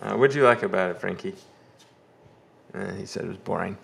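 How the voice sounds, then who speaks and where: A man hosting a casual movie review, rambling and exasperated, mocking the characters in quick put-on quotes. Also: sits low, gravelly, fairly bright tone. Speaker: comic collector channel host.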